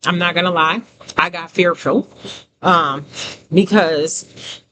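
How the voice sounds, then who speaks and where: A woman's voice: fairly low pitch, slow, sharp tone. Emphatic woman preaching over background noise. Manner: emphatic, repeats phrases, talks straight to listeners. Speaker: prophetic teacher. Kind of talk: conversational testimony sermon. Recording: noisy background hiss.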